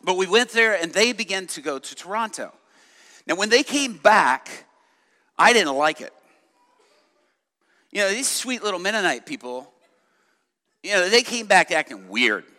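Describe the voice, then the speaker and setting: A man preaching and telling a lively story from the pulpit, acting out the voices of the people in it and laughing along. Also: high-pitched, measured pace, long pauses, long reverb tail. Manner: animated, laughing, acts out voices in his stories. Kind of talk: sermon storytelling.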